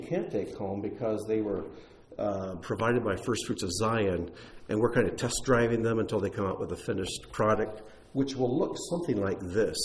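With a lowish voice and a darkish tone, this man leads his congregation as pastor. He fields questions in an easygoing, explanatory way, full of fillers and restarts.

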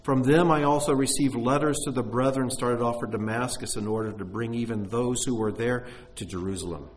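A man's voice: medium pitch, brisk. A man teaching a sermon who reads scripture aloud expressively and then explains it in plain, conversational commentary. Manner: expressive reading, breaks off into plain-spoken commentary. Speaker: Bible teacher.

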